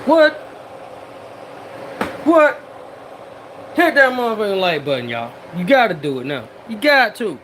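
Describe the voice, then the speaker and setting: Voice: mid-range voice, very animated, unhurried, pauses often, a bit bright. Hyped, exclamatory home cook vlogger, noisy kitchen. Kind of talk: excited cooking vlog, talking to the chat. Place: home kitchen with the fan running. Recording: noisy, with kitchen fan hum.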